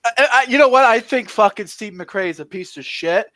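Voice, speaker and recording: A man's voice: sits high, expressive, moderate pace, sharp tone, no echo. A man in profane casual chat on a stream, telling crude, heated stories and laughing through his rants.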